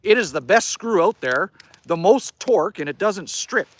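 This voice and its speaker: Lively-pitched Canadian man chatting live. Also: moderate pace, a little hiss or hum. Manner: chatty, rambling, casually swears. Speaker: livestream host. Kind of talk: casual live-stream chat reading viewer comments. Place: outdoors by a fire.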